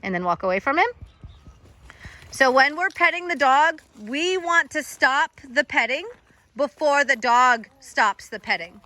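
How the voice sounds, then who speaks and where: Bright high-voiced woman coaching a trainee. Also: lively intonation, a little slow, no room sound. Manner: encouraging, instructive, praises the dog often. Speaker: dog trainer. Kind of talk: hands-on coaching instruction.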